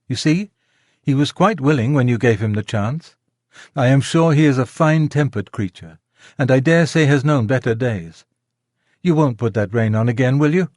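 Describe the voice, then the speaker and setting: Gentle, refined lady, polite and pleading, as read by a man; dry close studio sound. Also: medium pitch, normal speed, no echo, close to an everyday voice. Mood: earnest. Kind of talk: audiobook character reading. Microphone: close studio mic, dry.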